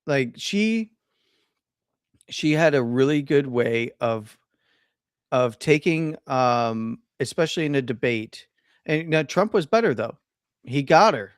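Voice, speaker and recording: An opinionated man co-hosting a casual live stream, stumbling and restarting as he works toward his point. His pitch sits in an ordinary middle range. The sound is dry and close, with no room echo. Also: animated, slow pace, long pauses, clean tone. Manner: opinionated, stammers and restarts, laughs easily.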